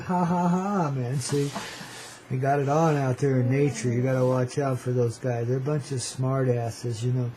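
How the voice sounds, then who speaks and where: A man's voice: mid-range voice, fairly even intonation, normal speed, warm tone, a little hiss or hum, low-quality recording. A man hosting a radio show, rambling in a playful, slangy, cosmic way and calling listeners "baby". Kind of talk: freewheeling hippie radio monologue.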